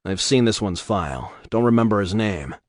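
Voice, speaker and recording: A man reading aloud, voicing a tough, sardonic male security chief with a gruff, wry delivery. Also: lowish voice, animated, normal speed, no echo, studio quality.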